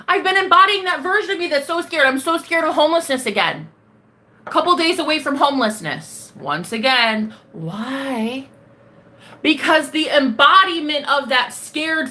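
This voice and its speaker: A high-voiced woman who talks straight to her viewers as a manifestation coach. She is blunt and profane and calls them honey and baby. Her tone is bright and tense, and her pitch leaps around in animated swings. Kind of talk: ranting self-talk vlog.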